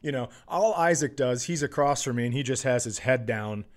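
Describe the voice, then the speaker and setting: A man's voice: mid-range voice, expressive, fairly quick. A man hosting a podcast, chatting casually and telling a profane story while acting out quotes. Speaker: podcast host.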